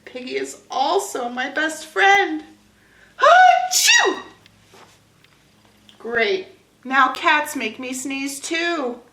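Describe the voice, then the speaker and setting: A woman voicing an anxious male elephant in a picture-book read-aloud, with halting, dramatic, worried lines broken by sneezes. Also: sits high, sharp tone, echoey room, exaggerated voice. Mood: glum.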